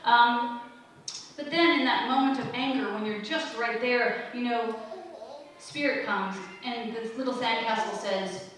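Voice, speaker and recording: A woman's voice: on the high side, steady tone, measured pace, fairly bright tone, a little hiss or hum. Earnest woman host in an echoey room. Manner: earnest, conversational, many "you know" asides. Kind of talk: spiritual talk show monologue. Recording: roomy echo, distant mic, faint ambience.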